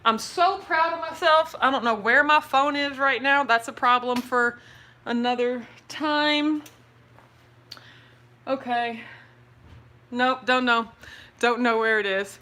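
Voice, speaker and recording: A woman's voice: sits high, takes it slowly, pauses often, pushed and bright. A young woman hosting a casual livestream from her home, chatty and bubbly, reading viewer comments aloud and a little out of breath. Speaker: livestream host. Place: at home, indoors.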